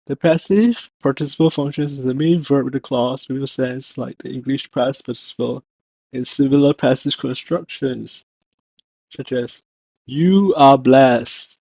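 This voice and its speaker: A man teaching a recorded language lesson, slow and deliberate, carefully repeating each word he pronounces. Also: a little high, warm tone, dry recording. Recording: dull, dry lo-fi audio.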